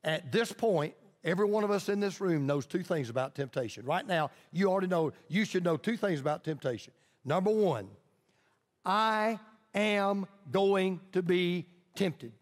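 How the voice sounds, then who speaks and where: A man's voice: high-pitched, animated, moderate pace. A man pastor preaching a sermon emphatically, repeating lines for stress and leading his congregation in call-and-response. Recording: long reverb of a large hall.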